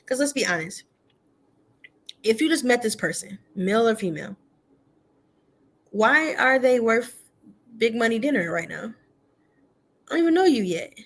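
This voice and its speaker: Chatty woman co-hosting a dating talk. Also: fairly high pitch. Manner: candid, chatty, frequent fillers and laughs. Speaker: podcast co-host. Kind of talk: casual chat.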